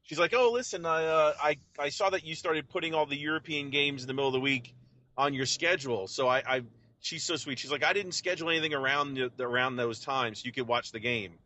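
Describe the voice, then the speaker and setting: A man co-hosting a podcast from home, telling animated stories in casual chat with small stumbles. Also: a little high, fast, rough recording. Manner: animated, repetitive storyteller. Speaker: podcast co-host. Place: home office.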